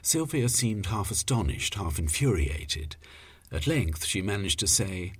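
A man reading an audiobook story in plain, measured narration. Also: deep voice, big pitch swings, breathy edge.

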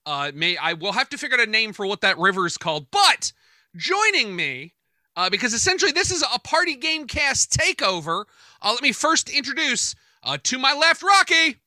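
Upbeat male podcast host, piercing bright tone, talks over a remote call. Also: high voice, very animated, a little fast, no echo. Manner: upbeat, joking, with many fillers and restarts. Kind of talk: casual podcast chat.

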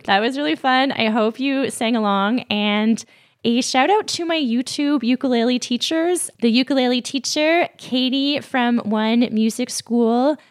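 A woman hosting her own podcast, talking warmly and heartfelt as she thanks her listeners, a little teary. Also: on the high side, measured pace. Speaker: podcast host. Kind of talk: casual solo podcast talk.

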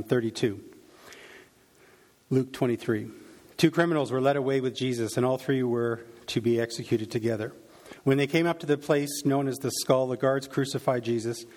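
A man's voice: medium pitch, darkish tone. A man preaching, reading a Bible passage aloud and reflecting on it, with frequent fillers and restarts. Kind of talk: sermon reading and teaching from scripture.

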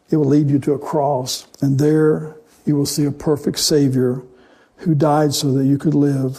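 A male preacher delivering a sermon, measured and emphatic, slowing into dramatic pauses on key phrases. His voice sits a touch high for a man, with a mellow, warm color and a slightly husky edge.

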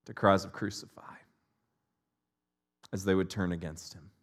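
A male pastor preaching a sermon, swinging between loud impassioned cries and hushed, almost whispered lines. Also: low-pitched, steady tone, unhurried.

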